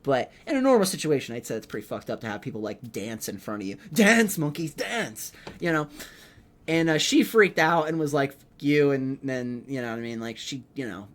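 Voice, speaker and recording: A young man hosting a comedy podcast, rambling in an animated, profane way and filling his talk with "like.". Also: medium pitch, fast, few pauses. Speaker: podcast host, rookie stand-up comedian.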